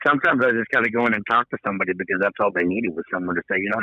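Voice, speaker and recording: A man as a podcast guest, speaking calmly and bluntly in casual conversation. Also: on the low side, racing, no echo, lo-fi sound. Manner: calm, matter-of-fact, blunt.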